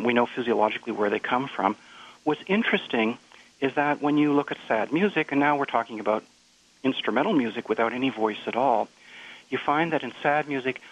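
A man being interviewed as a music researcher, explaining thoughtfully with frequent halting restarts. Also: medium pitch. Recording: dull lo-fi radio sound.

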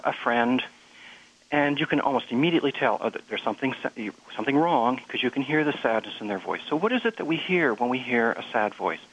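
A man being interviewed as a music researcher, explaining thoughtfully with frequent halting restarts. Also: medium pitch, a bit bright. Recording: dull lo-fi radio sound.

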